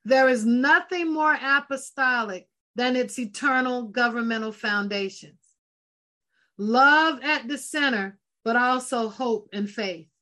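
A woman's voice: fairly high pitch, a little slow, bright, forceful tone. A woman preaching a sermon with fervent, emphatic delivery, repeating phrases and breaking into exclamations.

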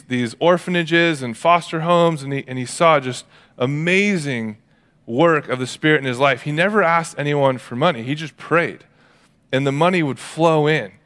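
A man's voice: fairly high pitch, moderate pace. Conversational male pastor preaching. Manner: conversational, animated storytelling with acted-out quotes. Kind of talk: sermon.

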